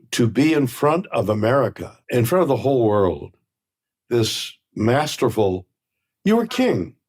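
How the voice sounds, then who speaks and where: A man in his nineties from Canada, a guest in a casual interview, talking haltingly and repeating words as he searches for phrasing. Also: fairly low pitch, darkish tone, no room sound, studio quality. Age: 90s.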